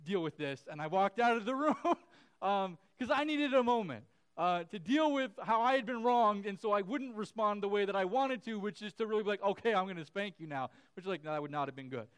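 A man's voice: high-pitched, expressive, brisk, fairly bright tone, smooth. A man in his thirties preaching a sermon as a pastor, chatty with many fillers and restarts, acting out the voices in his stories. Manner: acts out his kids' and his own voices in quotes.

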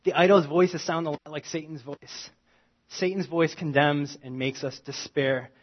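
A man preaching a sermon with a fairly high voice, talking to his congregation in an easy, conversational way. He swings between loud, emphatic lines and quiet asides. The recording sounds dull and muffled. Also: moderate pace. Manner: animated, conversational preaching with wide swings in loudness. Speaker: pastor.

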